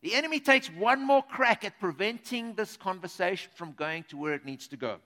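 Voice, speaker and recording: A male preacher delivering a sermon in a lively, conversational manner, turning to address his listeners directly. His voice sits high for a man. It has a bright, forward edge. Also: normal speed.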